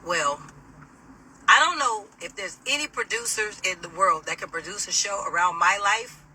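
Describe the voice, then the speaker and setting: A middle-aged woman telling a personal story to camera in a casual, animated, sassy way, laughing as she mimics people. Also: mid-range voice, moderate pace, recorded from a distance, slight background noise, poor audio.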